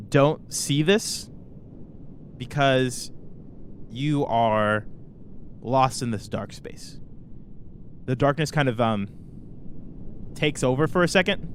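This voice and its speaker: A man's voice: mid-range voice, animated, slow, long pauses. Hesitant man running a tabletop game. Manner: loose and hesitant, many ums. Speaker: game master. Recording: faint background noise.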